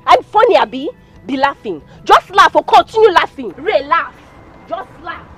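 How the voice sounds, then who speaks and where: An actress with a Nigerian accent playing a jealous young woman who confronts her boyfriend with sharp complaints. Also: sits high, sing-song, measured pace, faint music behind. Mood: indignant. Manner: indignant, sharp rising complaints.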